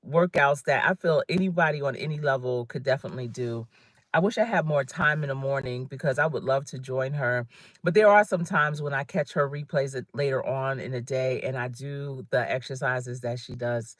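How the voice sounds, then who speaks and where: A woman's voice: low-pitched, dry recording. This is a middle-aged woman whose New Jersey accent still colors her easygoing speech. She chats loosely with her viewers, laughing often as she reads their comments. Her voice is captured close and dry, with no room sound around it. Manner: chatty and warm, laughing often, reading viewer comments aloud. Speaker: career coach. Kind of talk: casual livestream chat.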